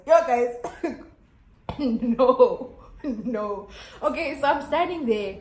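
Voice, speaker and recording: Young woman, South African accent, storytime vlog, fairly high voice, echoey room. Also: very slow. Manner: animated, chatty, many fillers and restarts, laughing through the story. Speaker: YouTuber.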